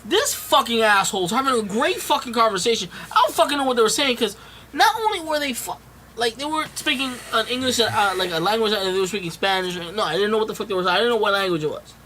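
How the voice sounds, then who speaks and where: A man's voice: sits high, expressive, fast talker, sharp tone, a little hiss or hum. A man ranting in casual podcast chat, swearing constantly as he complains. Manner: profane, ranting. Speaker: podcast guest.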